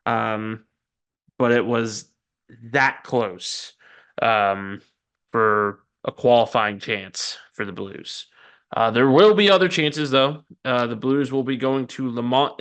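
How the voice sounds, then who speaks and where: A man's voice: mid-range voice, a bit bright, smooth. A man hosting a casual sports podcast, running through news with chatty, self-deprecating asides and frequent ums. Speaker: podcast host.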